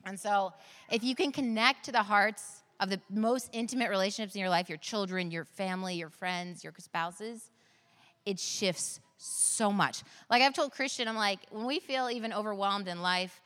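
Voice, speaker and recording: A woman's voice: medium pitch, moderate pace, fairly bright tone. A woman in her thirties preaching a sermon, telling personal stories in an earnest way with bursts of laughter. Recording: long reverb of a large hall.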